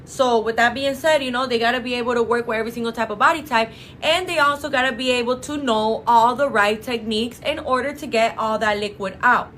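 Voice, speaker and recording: A woman's voice: a little high, brisk, a bit bright, slight background noise. A woman from a clinic talking casually and emphatically to viewers, full of fillers and "you guys.". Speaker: clinic representative. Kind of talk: casual promotional talk to camera.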